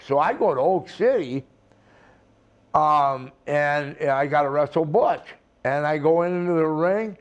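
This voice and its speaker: An older man, a retired wrestler, telling rambling stories in an interview, acting out quotes and swearing freely. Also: medium pitch. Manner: slow, rambling storytelling with profanity and acted-out quotes. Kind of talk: storytelling shoot interview.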